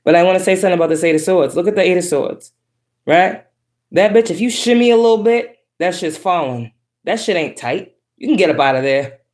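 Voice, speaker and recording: A woman's voice: on the low side, fairly quick, echoey room. Profane, preachy woman tarot reader. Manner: profane, preachy, shifts between calm and harsh. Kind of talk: spiritual reading monologue.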